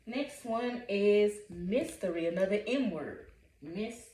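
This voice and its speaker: A woman's voice: mid-range voice, expressive, a little slow, mellow. A woman working as a reading coach, giving a phonics lesson in a patient manner and repeating each word syllable by syllable. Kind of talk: phonics lesson, sounding out words. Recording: echoey room, voice from a distance.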